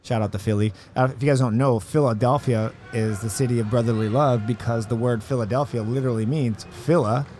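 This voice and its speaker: A man's voice: mid-range voice, steady tone, fairly quick, hardly any pauses, darkish tone, soft background music. A man hosting a podcast at a tournament, joking, swearing and laughing often. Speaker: podcast host. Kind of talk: casual interview chat. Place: tournament venue table.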